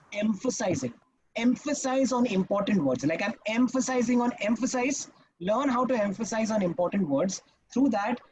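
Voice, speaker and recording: Emphatic trainer on a call. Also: male voice, high-pitched, a little mellow, a little hiss or hum, rough recording. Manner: emphatic and instructive, checks in with "Okay?". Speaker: public speaking trainer. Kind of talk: live online masterclass. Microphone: video call.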